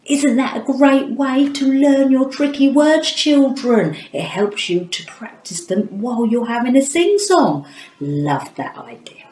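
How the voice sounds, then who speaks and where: A woman teaching a children's phonics lesson in an animated, sing-song teacher voice, talking straight to young viewers. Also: high-pitched, measured pace. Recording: roomy echo.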